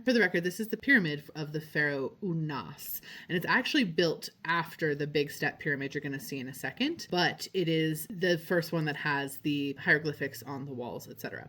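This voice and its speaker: A woman who guides psychic trips, narrating a travel vlog in a chatty, enthusiastic way with lots of casual fillers. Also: low-pitched. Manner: chatty and enthusiastic, with frequent "like" and slang.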